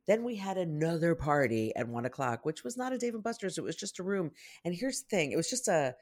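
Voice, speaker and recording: A parent telling a rambling, animated story in casual podcast chat, often acting out what people said. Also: medium pitch, fairly quick, few pauses. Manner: rambling, animated anecdotes with acted-out quotes.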